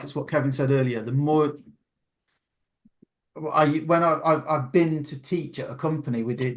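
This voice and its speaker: A man hosting a video call, chatting casually and rambling with many restarts. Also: medium pitch. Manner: rambling, restarts often, laughs easily. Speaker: meeting host.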